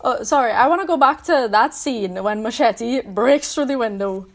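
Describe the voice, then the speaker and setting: A woman's voice: fairly high pitch, expressive, moderate pace. A woman co-hosting a podcast, giggling often as she talks about a movie. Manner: giggly, playful. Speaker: podcast co-host. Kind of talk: casual movie discussion.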